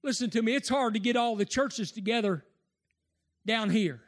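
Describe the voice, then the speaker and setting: A man preaching a sermon, impassioned, rising to shouts and tearful cries. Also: high-pitched, moderate pace.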